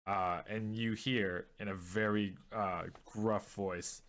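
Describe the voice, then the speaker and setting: A man with a fairly low voice runs a tabletop game as game master. He narrates in a halting way, stopping and restarting often with fillers. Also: fairly even intonation, a bit bright. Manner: hesitant, many fillers and restarts.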